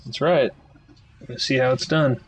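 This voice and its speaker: A man's voice: medium pitch, steady tone, a little slow, a little hiss or hum. Joking streamer man on voice chat. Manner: joking, teasing. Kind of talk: casual gaming voice chat.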